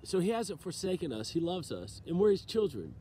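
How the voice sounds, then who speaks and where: A man with a notably high voice delivers an earnest, emotional sermon straight to camera. He speaks alone outdoors near trees and slows down to read scripture. Faint outdoor ambience sits behind him. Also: sing-song, warm tone, a little hiss or hum. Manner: earnest, preachy, reads scripture slowly. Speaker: self-styled preacher.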